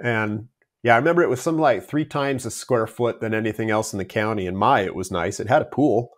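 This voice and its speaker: A man's voice: fairly low pitch, fast talker. A man who is an entrepreneur guest on an interview podcast, telling stories casually and chuckling often.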